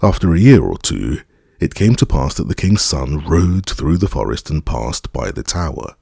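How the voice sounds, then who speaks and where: Deep, gravelly, slow male storyteller. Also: very animated, warm tone, dry recording, clean studio sound. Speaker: audiobook narrator. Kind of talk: scripted fairy-tale narration.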